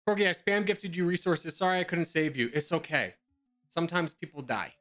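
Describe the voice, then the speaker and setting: A young man with a slightly high voice chatting casually over a game, full of dry jokes and sarcasm. Faint music plays behind him. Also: a little fast, a bit bright. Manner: joking and sarcastic. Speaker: gamer in voice chat. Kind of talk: casual gaming chat.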